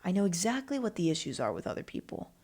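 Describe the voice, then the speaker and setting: A woman's voice: on the low side, big pitch swings, fast, a little mellow, slightly rough. A woman hosting her own podcast, rambling and self-mocking in casual solo chat. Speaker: podcast host.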